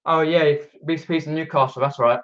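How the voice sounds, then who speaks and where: A British man with a fairly high, steady, somewhat bright voice talks a little fast on a casual home live stream. Sitting downstairs, he reads out viewer comments and rambles with frequent fillers and restarts in British English. His camera mic produces lo-fi sound.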